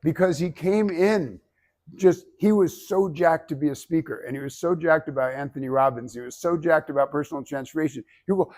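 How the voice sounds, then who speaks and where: A man's voice: on the high side, fairly quick, darkish tone. A man giving blunt, emphatic feedback as a speaking coach, with some swearing. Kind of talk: workshop feedback.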